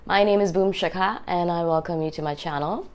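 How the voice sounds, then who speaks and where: A woman hosting her own channel, talking casually to camera in a voice made raspy and hoarse by a cold, chatty and often checking in with "right?". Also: lowish voice, fairly quick. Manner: chatty, keeps asking "right?". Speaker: video host.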